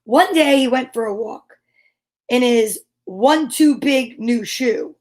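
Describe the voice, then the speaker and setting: Expressive woman reading picture books aloud. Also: fairly high pitch, takes it slowly, slight background noise. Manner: expressive, gasps and whispered sound effects. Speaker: storyteller.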